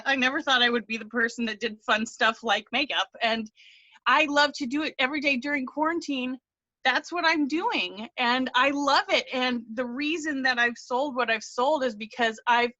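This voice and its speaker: A woman's voice: fairly high pitch, bright, forceful tone, no room sound. Tearful woman on a dull video call. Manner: tearful and earnest, rambling with restarts. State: close to tears. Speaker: team member sharing her story. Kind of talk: emotional testimonial on a video call.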